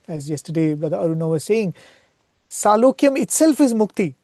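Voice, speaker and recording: A man's voice: high-pitched, very animated, brisk, warm tone, no room sound, clean studio sound. A man speaking at a spiritual retreat, earnestly retelling scripture stories in a devotional talk and often checking in with "right?".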